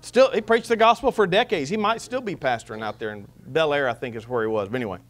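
A man's voice: a little high, animated, fast, fairly bright tone. A man preaching a sermon as pastor, mixing scripture reading with humor. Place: church.

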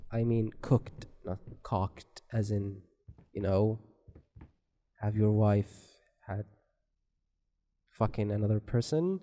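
A man rambles through a horror game at a slow, drawn-out pace, cracking jokes and swearing freely. His voice sits mellow and dark, in a casual let's-play commentary style. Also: medium pitch, animated, a little hiss or hum. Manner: joking, rambling, swears a lot. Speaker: gameplay commentator.

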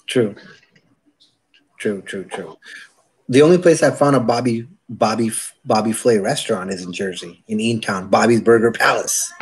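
A man's voice: fairly low pitch, normal speed, slightly rough, rough recording. A man chatting casually on a stream, telling laid-back anecdotes with some swearing. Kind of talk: casual chat, storytelling.

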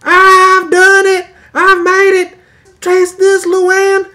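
A man voicing an overjoyed middle-aged husband who shouts triumphantly to his wife about a new recipe. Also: very high voice, monotone, drawn-out words, voice pushed up, exaggerated voice.

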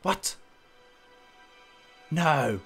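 A man commentating on a video game as he plays, reacting with excitable, loud outbursts and swearing. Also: on the high side, drawn-out words, gravelly, husky, faint music behind. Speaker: let's play gamer. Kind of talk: live gameplay commentary.

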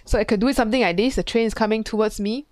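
A woman's voice: fairly high pitch, racing, a little mellow, dry recording. A woman physics tutor, talking through an exam question in a chatty way, thinking aloud and imitating sounds. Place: classroom.

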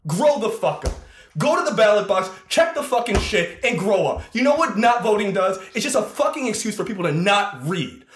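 A podcast host in a loud, swearing rant. His voice sits high and swings widely in pitch. The room has a noticeable echo, with faint noise behind him. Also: big pitch swings, fairly quick. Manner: angry, profane, shouting at times.

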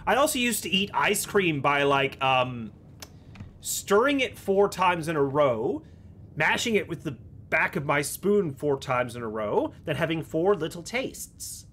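A man's voice: fairly high pitch, very animated, a little slow, fairly bright tone, slight background noise. A man hosting a gaming video, rambling playfully and swearing freely as he plays. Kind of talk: let's play commentary.

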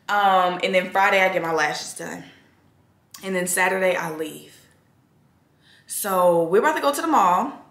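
A chatty young woman talks into her phone camera, relaxed and a little sleepy, addressing viewers as y'all. Her voice sits mid-range, with faint noise behind it. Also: medium pitch, creaky. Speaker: vlogger. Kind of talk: casual vlog chat to camera. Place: in a car and around a mall. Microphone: phone camera held or propped.

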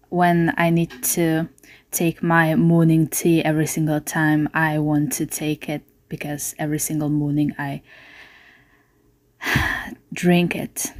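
A woman hosting her own podcast, talking in a casual, heartfelt and confiding way with many hesitant pauses. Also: on the low side, no room sound, clean studio sound. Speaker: podcast host. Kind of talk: casual solo podcast monologue.

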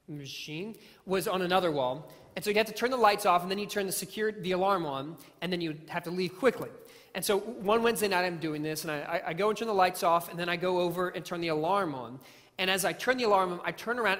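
Preacher in an echoing church. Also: male voice, fairly high pitch, fairly bright tone. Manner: earnest storytelling with self-deprecating humor; repeats phrases and restarts words. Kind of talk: sermon. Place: church sanctuary. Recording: long hall reverb.

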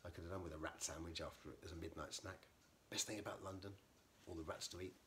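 A man's voice: deep voice, fast talker, a little hiss or hum. A man voicing an easygoing, greedy male cat. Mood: relaxed. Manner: relaxed, chummy.

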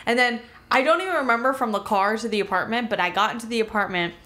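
A woman's voice: a little high, fast. A woman from Miami telling a wild story in a casual podcast chat, rambling and full of filler words. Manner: rambling, filler-heavy, animated retelling. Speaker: podcast co-host.

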